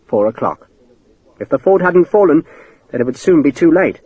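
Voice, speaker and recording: A man narrating an audiobook in a dramatic, expressive way. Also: fairly high pitch, moderate pace, slightly rough, no room sound, narrow, tinny audio. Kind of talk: scripted narration.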